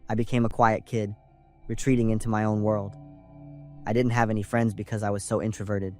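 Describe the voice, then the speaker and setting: A young man from California calmly narrating a scripted first-person horror story. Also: fairly low pitch, fairly quick. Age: young adult. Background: faint music.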